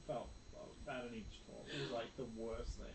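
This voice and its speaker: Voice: medium pitch, steady tone, moderate pace, reverberant, a little hiss or hum, poor audio. A speaker telling funny stories about being a parent, laughing through them. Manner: storytelling, laughing through anecdotes. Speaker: podcast guest and parent. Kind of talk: casual chat.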